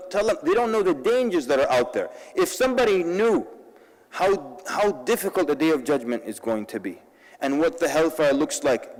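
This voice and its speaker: A man giving a sermon-style talk at a convention, telling stories with humorous asides and addressing the audience directly. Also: a little high. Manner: lively storytelling with humorous asides. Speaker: convention speaker. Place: large convention hall. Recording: long reverb in a large hall.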